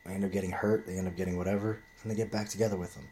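Casting: deep-voiced man, casual vlogger, swears freely, loose rambling delivery. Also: level tone, racing, warm tone, a little hiss or hum. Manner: rambling storytelling with heavy swearing. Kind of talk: casual monologue to camera.

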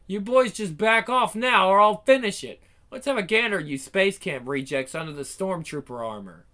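A man's voice: high-pitched, full character voice. A man voicing a brash wisecracking hero. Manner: brash, sarcastic one-liners and battle yells. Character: wisecracking cocky male hero, adult. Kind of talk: one-man fan dub of a game.

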